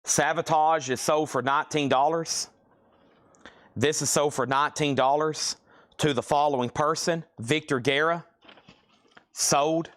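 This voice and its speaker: A man's voice: a little high, fairly even intonation, unhurried, long pauses, a bit bright. A man hosting a live-streamed record sale, calling out bids and repeating item names in a casual, rambling way. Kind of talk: live-stream auction selling.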